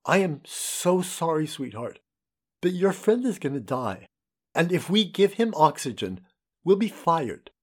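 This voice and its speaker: Gentle Jamaican nurse woman, soft and pleading, lively inflection, read by a male narrator. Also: a little high, measured pace, slightly rough, heavily acted. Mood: tender pleading. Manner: soft, pleading, tender endearments.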